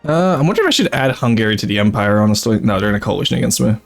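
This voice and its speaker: Young male streamer, rambling casual game chatter, animated delivery. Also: fairly low pitch, racing, vocal fry, soft background music. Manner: chatty, rambling, laughs often, talks to chat. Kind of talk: casual gameplay commentary.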